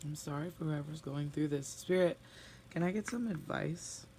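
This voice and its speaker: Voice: mid-range voice, normal speed, noisy background. A tarot reader giving a spoken reading to viewers, blunt and emphatic, often sighing and sympathetic.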